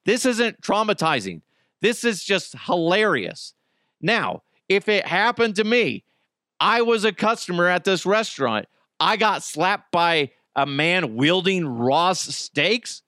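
A male podcast host rants and jokes about strange headlines, swearing freely. His voice sits a little high and bright, and it swings widely as he riffs. The sound is close and dry. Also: slow, dry recording. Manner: profane, joking, animated rants. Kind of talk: casual comedic news commentary.

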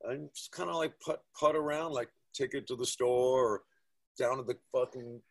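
Casual man with a husky voice, profane and animated, spinning anecdotes. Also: mid-range voice, normal speed. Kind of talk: casual chat.

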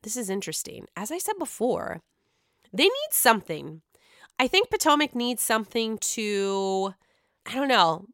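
A woman talks in a relaxed, chatty way, swearing often and telling things with animated energy. Her voice is bright and sharp with a clean, smooth tone. The recording is dry and close, with no room sound. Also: on the high side, a little slow, dry recording. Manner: chatty, profane, animated retelling. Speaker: podcast host recapping reality TV. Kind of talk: casual chat.

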